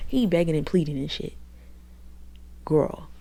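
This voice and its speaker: Gravelly, profane book reviewer gossiping. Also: mid-range voice, moderate pace. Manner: animated, profane, talks straight to viewers. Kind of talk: casual gossipy plot recap.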